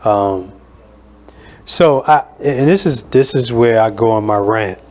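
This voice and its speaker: A man hosting a radio talk show, speaking in an earnest, measured way with many fillers. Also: fairly low pitch, darkish tone.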